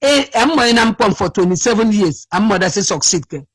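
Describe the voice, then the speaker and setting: A man phones in to a radio show, tired and cracking in voice. He talks in a high, dry tone, rambling and circling back on his words as he slips between English and his dialect. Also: lively intonation, brisk, a bit bright, slightly rough, no echo, rough recording. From Akwa Ibom State, Nigeria. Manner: rambling, repeats himself, switches to his dialect. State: sleepy, cracking voice. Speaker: caller.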